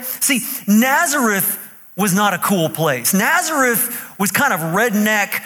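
A male pastor preaching a sermon to a live congregation in a playful, animated way that draws the listeners in. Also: sits high, a little slow, slightly rough, big-room sound.

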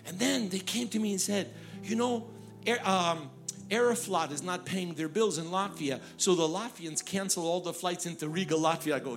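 Animated preacher man over music. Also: sits high, moderate pace. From Ukraine. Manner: animated storytelling, acts out quoted voices. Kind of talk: sermon with personal story. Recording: music playing underneath.

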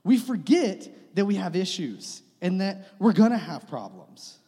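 A man's voice: high-pitched, big pitch swings, unhurried, warm tone, breathy edge. A young man preaching a conversational sermon, with self-deprecating humor and repeated phrases. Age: young adult. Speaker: pastor. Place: church sanctuary. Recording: long reverb of a church hall.

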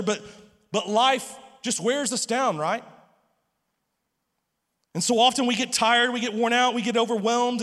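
High-voiced pastor preaching in a reverberant hall. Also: male voice, a bit bright. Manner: stammering restarts, joking asides. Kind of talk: sermon.

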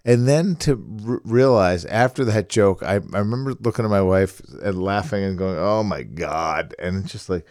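A man's voice: fairly low pitch, normal speed, hardly any pauses, darkish tone, no room sound, clean studio sound. A man co-hosting a casual podcast chat, rambling and laughing, often restarting his sentences. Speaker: podcast co-host.

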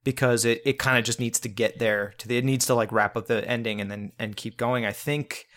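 A man's voice: medium pitch, steady tone, brisk, a bit bright. A man co-hosting a casual film review podcast, talking in a rambling way with many restarts and fillers. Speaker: podcast co-host.

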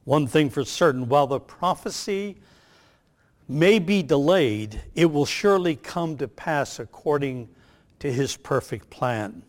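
An older man, a pastor, delivering a sermon with emphatic, measured phrasing that slows on key lines. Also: a little high, lively intonation.

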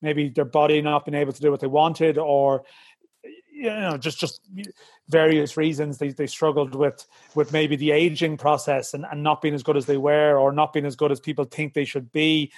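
A man's voice: a little high, fairly even intonation, moderate pace, a little mellow. A man hosting a casual sports podcast, easygoing and a little rambling. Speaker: podcast host. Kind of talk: casual chat.

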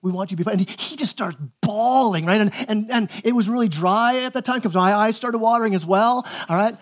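A man preaching a sermon as pastor, animated, acting out quoted voices and often repeating words as he starts a phrase. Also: high voice, a little fast.

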